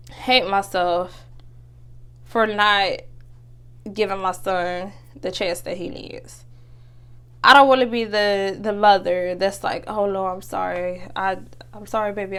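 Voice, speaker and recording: A woman's voice: mid-range voice, fairly bright tone. A young woman, hosting a casual motivational talk, chatty and earnest with many fillers and restarts. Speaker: podcast host.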